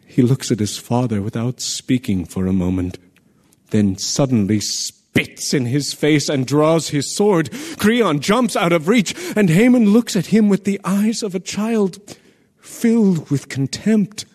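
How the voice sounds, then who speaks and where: An actor playing a messenger in a radio play, telling a terrible event urgently and vividly. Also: male voice, a little high, a little slow, darkish tone. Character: breathless male messenger bearing terrible news.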